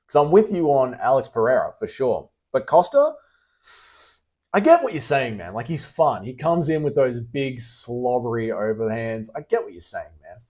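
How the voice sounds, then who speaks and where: A man's voice: medium pitch, very animated, moderate pace, a little mellow. A young Australian man casually chatting on a livestream, reading out and answering chat messages with blunt, teasing, sweary banter.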